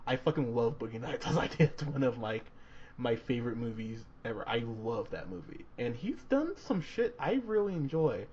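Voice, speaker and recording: A man in casual podcast conversation, reviewing movies with lively, profane enthusiasm and frequent fillers. His voice sits at an ordinary middle pitch. The recording is dull and lo-fi, with a faint hiss underneath. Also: moderate pace. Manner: animated, swearing, laughing often, many fillers. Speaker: podcast co-host.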